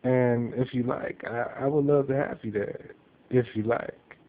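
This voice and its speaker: A man playing a gentle, amused Love. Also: medium pitch, steady tone, unhurried, lightly acted. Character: gentle, warm male figure of love. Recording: tinny phone-like sound.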